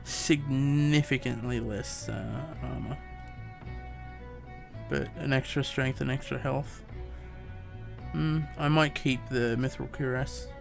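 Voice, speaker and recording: A man's voice: medium pitch, fairly even intonation, slow, gravelly, long pauses, over music. A man casually muttering and musing while playing a story game, self-mocking about his own reading. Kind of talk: casual let's-play commentary.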